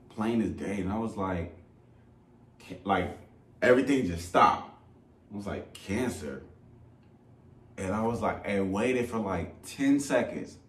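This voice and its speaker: A young man with a very deep voice tells a personal story in loose, slangy talk, sinking soft and low at the hardest parts. He sits back from the mic in a room with a strong echo and a faint hiss. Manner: casual and slangy, voice dropping low and soft as he recounts crying. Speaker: podcast co-host. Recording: echoey room, mic at a distance, faint noise.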